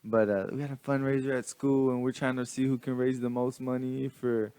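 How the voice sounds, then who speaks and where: A man's voice: medium pitch, little pitch movement, a little fast, dark tone, clean tone, no room sound. A man casually telling a story to his camera, rambling with restarts and slang. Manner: rambling, many restarts, laughs often; slangy, laid-back. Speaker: vlogger.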